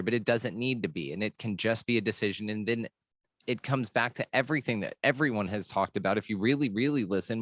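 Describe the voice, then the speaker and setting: A man with an American accent hosts a relaxed spiritual talk, his voice sitting on the low side. He talks in long, earnest, rambling stretches and throws in casual swearing. The recording is dry and close, with no room sound. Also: no echo. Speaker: podcast host.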